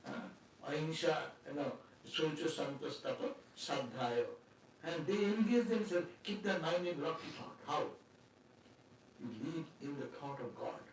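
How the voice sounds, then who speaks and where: A man's voice: on the high side, lively intonation, a little slow, slight background noise. A man giving a spiritual talk as a swami, conversational, with laughs and rhetorical questions. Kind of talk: sermon. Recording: echoey hall from far off.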